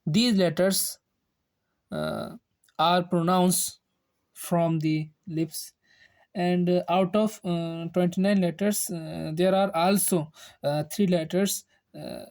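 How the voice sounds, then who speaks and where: A woman teaching Quran reading in a recorded lesson, hesitant, pausing with frequent "uh" and repeating each term. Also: on the low side, fairly even intonation, darkish tone. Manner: slow, halting, with frequent "uh" and repeated terms. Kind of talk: recorded lesson explaining Arabic letters.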